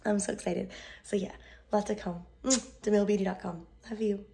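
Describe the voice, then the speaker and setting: Casual profane woman vlogger, tired and rambling, warm low-toned timbre. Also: steady tone, fairly quick, gravelly, a little hiss or hum. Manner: profane, rambling, laughs often. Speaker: beauty brand owner vlogging. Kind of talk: casual vlog monologue.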